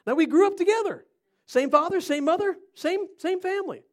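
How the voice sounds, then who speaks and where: Lively, chatty preacher man from Ohio. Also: extremely high pitch, a little fast. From Cleveland, Ohio. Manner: animated, chatty, quizzes listeners by name. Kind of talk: interactive sermon to a congregation.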